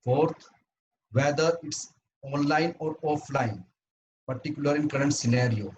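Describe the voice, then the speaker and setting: A man's voice: fairly high pitch, lo-fi sound, background noise. Earnest man. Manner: earnest, halting delivery with frequent restarts. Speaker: club speaker. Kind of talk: prepared educational speech at an online meeting.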